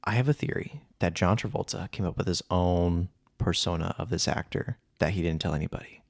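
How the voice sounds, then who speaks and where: A man's voice: low voice, a little fast, vocal fry. A man co-hosting a podcast in casual chat, blunt and profane, joking as he talks. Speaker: podcast co-host.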